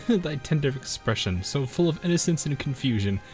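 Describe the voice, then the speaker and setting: A man's voice: medium pitch, animated, normal speed, darkish tone, soft background music, natural voice. Man reading as Duke of York, archaic and menacing. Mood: teasing menace. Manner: archaic formal phrasing. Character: haughty seductive woman warship spirit, archaic speech.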